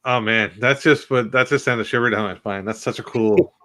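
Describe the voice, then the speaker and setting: A man's voice: mid-range voice, a little fast, pushed and bright. A man co-hosting a podcast, reacting to the guest with enthusiasm and asking about hockey. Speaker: podcast co-host. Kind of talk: casual interview chat.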